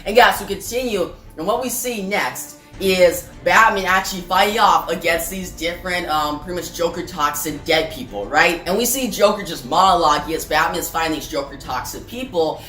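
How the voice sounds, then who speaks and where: A woman's voice: lowish voice, moderate pace, few pauses, a bit bright. A woman casually recapping a comic book story, chatty and talking straight to viewers. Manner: chatty, addresses viewers as guys, many fillers. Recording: echoey room, faint music.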